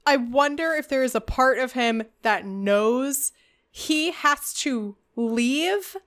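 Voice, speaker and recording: Woman podcast host, slightly high voice, animated retelling, crackly static in the audio. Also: slow pace. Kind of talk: casual chat.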